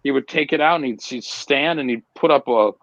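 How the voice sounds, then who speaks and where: A man's voice: mid-range voice, a little fast, fairly bright tone, no room sound, dull audio. A man, a magician, chatting casually and retelling a stage routine step by step. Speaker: magician, conversation partner. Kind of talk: casual reminiscing chat.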